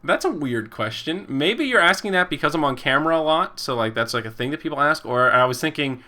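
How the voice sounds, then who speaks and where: A young man in his twenties chats loosely on his own podcast, reacting to viewer comments as they come in. His voice is bright and forward, and he rambles, chuckles and slips into quick impressions of the people he quotes. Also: fairly high pitch, expressive. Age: 20s. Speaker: podcast host and esports caster. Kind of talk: casual chat reading live chat.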